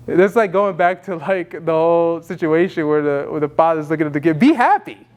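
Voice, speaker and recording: A man's voice: a little high, little pitch movement, normal speed, clean tone, highs cut off. A young adult man teaching emotional intelligence in a casual workshop, acting out quoted people and laughing often. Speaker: communication trainer.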